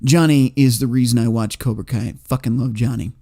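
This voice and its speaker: A man's voice: medium pitch, fairly even intonation, brisk, dark tone. A man hosting a livestream, reading chat comments aloud in a rambling, profane way and laughing often.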